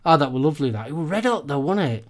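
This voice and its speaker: A man's voice: on the high side, big pitch swings, very fast. A Yorkshire man hosting a casual chat, agreeable and hesitant with lots of fillers. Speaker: host.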